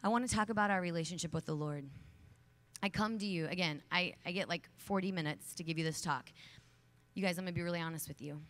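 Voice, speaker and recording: A woman in her thirties speaks from a large conference stage to a room of young women. Her voice sits slightly low. She is earnest and emphatic, and when she tells stories she turns casual and chatty, full of "like" and quick asides. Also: fairly bright tone. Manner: chatty storytelling with many fillers. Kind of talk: motivational talk to young women.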